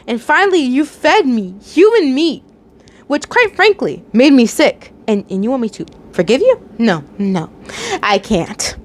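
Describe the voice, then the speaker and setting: A woman's voice: high-pitched, very animated, unhurried, voice pushed up. A woman voicing a fed-up young woman in a fan story, firm and accusing.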